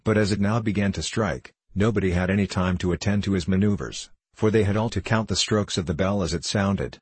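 A man reading a comic story aloud as narrator, in a theatrical, lively manner. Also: deep voice, fairly quick, husky, dry recording.

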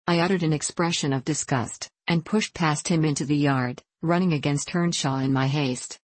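Low-voiced woman reading an audiobook. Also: normal speed, no echo. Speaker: audiobook narrator. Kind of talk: scripted narration.

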